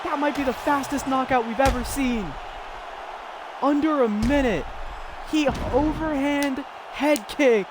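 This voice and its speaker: Slow-talking, giggly male game commentator. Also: very high voice, a crowd in the background, noisy background. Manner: excitable, giggly, rambling. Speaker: streamer commentating a fighting game. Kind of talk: casual play-by-play commentary.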